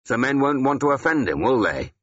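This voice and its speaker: A man voicing a gruff, battle-hardened older Saxon ealdorman who snarls and growls his blunt, weary words in an audiobook. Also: mid-range voice, very animated, a little fast, fairly bright tone, highs cut off, pitched above the performer's own voice. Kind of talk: audiobook character voice.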